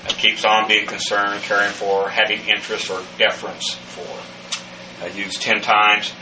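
A man's voice: on the low side, level tone, unhurried. A man teaching a verse-by-verse Bible study, spelling out Greek words letter by letter with many fillers. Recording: echoey room, voice from a distance, faint hiss.

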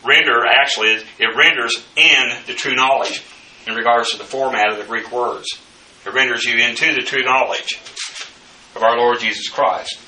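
A man teaching the Bible verse by verse, in a slow, deliberate lecturing manner with frequent fillers. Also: mid-range voice, fairly even intonation, pushed and bright, a little hiss or hum. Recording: echoey room, mic at a distance.

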